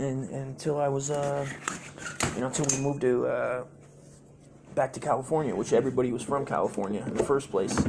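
A man's voice: medium pitch, very noisy. A man telling loose, profane stories from his childhood in a casual comedy monologue. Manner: profane, rambling, mimics voices loudly. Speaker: comedy storyteller. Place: home.

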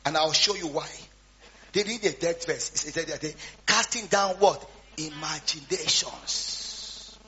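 A man preaching a storytelling sermon, swinging between quiet asides and loud shouts. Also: fairly high pitch, normal speed. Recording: dull lo-fi sound with faint hum.

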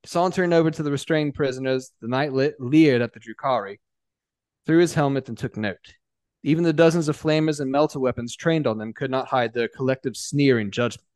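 A man narrating a scripted story in a steady reading voice, with small stumbles and restarts. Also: mid-range voice, fairly quick, no echo.

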